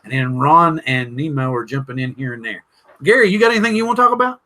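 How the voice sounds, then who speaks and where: A man's voice: mid-range voice, expressive, fast, bright, forceful tone. A man with a Southern drawl hosting a live drone chat stream, rambling, joking and reading the chat aloud. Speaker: podcast host.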